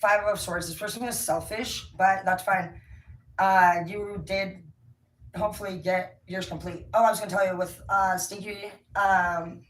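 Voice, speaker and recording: A woman's voice: mid-range voice, fairly even intonation, a little slow, fairly bright tone. Woman doing a tarot reading, blunt and rambly, kinda far off the mic in an echoey room w/ faint background hum. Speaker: tarot reader. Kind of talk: casual tarot reading monologue. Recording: roomy, distant from the mic, faint ambience.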